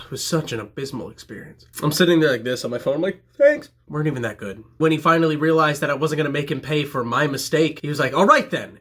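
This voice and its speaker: A man telling a comedic story about himself in an animated, self-mocking way. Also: a little high.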